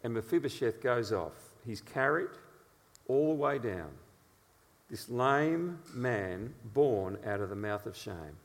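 A man preaching a sermon, telling stories in an animated way with frequent "uh" fillers. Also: mid-range voice, slow pace, long reverb tail.

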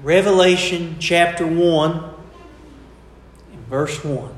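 A man delivers a sermon at a very slow, measured pace. His voice sits fairly high, and he pauses to stress key words. The sound carries a roomy echo. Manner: slow, deliberate preaching with emphatic pauses. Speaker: preacher.

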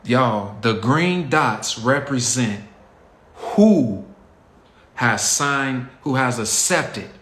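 A man with a Chicago accent hosts his own show, ranting straight at his listeners in a blunt, heated, slang-packed way. His mid-range voice moves slowly with hardly any pauses and carries a sharp edge. The room is echoey, with faint ambient noise behind him.

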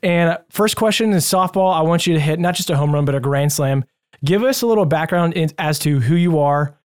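A man's voice: a little high, fairly quick, smooth. A man hosting a casual podcast interview, talking in an upbeat, enthusiastic and chatty way. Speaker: podcast host.

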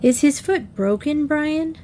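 A woman doing a spunky teenage girl, high and eager. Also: slow pace, mellow, slight background noise. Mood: worried.

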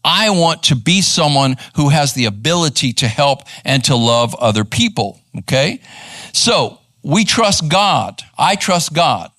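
Pastor man preaching live, chatty storytelling, bright voice that jumps around a lot, dry sound. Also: a little high, a little slow, no echo. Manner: animated, conversational, acts out quoted voices. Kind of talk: live church teaching, storytelling. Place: church sanctuary.

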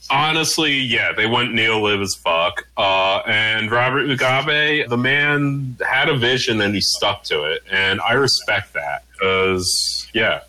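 A man hosting a podcast with a bright, forward voice. He talks loosely and swears freely, padding his sentences with filler words in easygoing chat. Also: on the low side, slow pace, hardly any pauses. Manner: loose and profane, heavy "like" fillers. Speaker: podcast host.

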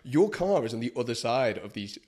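Man telling a lively story. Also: mid-range voice, brisk, slightly rough. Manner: animated storytelling, acts out quotes, swears, many fillers. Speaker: freelance broadcast journalist, guest. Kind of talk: casual podcast chat.

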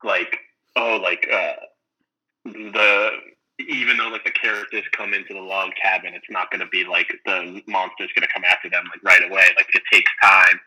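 A man chatting casually, rambling and animated as he retells funny scenes, full of "like" and "um". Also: deep voice, moderate pace, rough recording. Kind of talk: casual chat about a sitcom.

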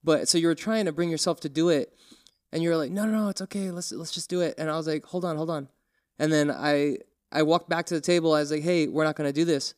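A young man co-hosts a casual podcast chat and tells a story with animated quotes. His voice is smooth and clear and sits a little high. The sound is dry and close, with no room around it. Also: fast, no room sound. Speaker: podcast co-host.

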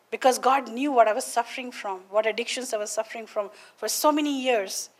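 Woman preacher, higher voice, earnest testimony sermon with frequent calls of "Amen?". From India. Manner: emphatic, keeps asking "Amen?" of listeners. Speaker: podcast preacher.

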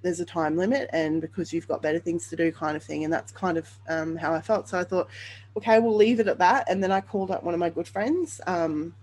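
Earnest woman podcaster with a lower voice. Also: fairly even intonation, a little fast, few pauses, a little mellow, husky, rough recording. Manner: earnest and open, with frequent ums and self-corrections. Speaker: podcast host sharing her birth story. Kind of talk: candid personal storytelling monologue.

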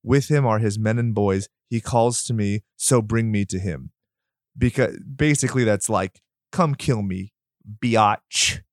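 A man co-hosting a podcast, chatting casually about a movie, excitable and quick to rant and swear. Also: lowish voice, no room sound, studio quality. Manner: excitable, swears, gets loud when ranting. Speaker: podcast co-host.

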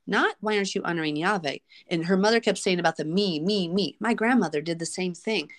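A woman hosting a Bible study, reading scripture aloud and discussing it earnestly, slowing down to stress key words. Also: mid-range voice.

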